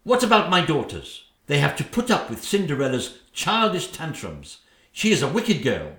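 A shrill, bossy stepmother queen, as a man puts her on, middle-aged and quick to snap. Her voice swings widely up and down as she scolds. The sound carries a roomy echo. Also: huge pitch swings, fairly bright tone, heavily acted. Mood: scolding.

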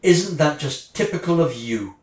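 A woman's voice: deep voice, animated, normal speed, darkish tone. A woman acting a sarcastic, wounded wife who is leaving her husband, speaking one side of a phone call in a dramatic monologue. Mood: bitter sarcasm. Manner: sarcastic, swinging between mocking and furious. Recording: roomy, distant mic.

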